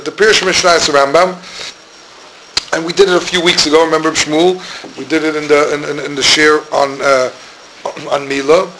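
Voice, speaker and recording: A middle-aged man, teaching a Torah class in a loose, wandering way. His voice sits a little high for a man, and he often stalls while he hunts for a word. The recording carries steady background noise. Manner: rambling, searching for words, mixes Hebrew and Yiddish terms. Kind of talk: informal Talmudic lecture. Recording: noisy room recording.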